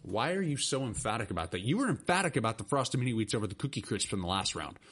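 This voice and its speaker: Animated, rambling middle-aged man. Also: medium pitch, quick pace, slightly rough. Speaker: podcast host. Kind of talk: casual chat.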